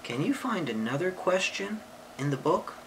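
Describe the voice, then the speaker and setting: A woman's voice: fairly low pitch, slight background noise, low-quality recording. A woman reading a picture book aloud to a child, stopping to ask questions. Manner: slow, lively storytelling with questions to the child.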